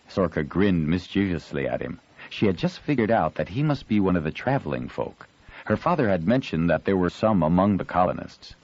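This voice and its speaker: A man reading an audiobook in an expressive storytelling manner, shifting his voice for the characters. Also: deep voice, normal speed, dry recording, muffled recording. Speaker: audiobook narrator. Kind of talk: scripted audiobook narration.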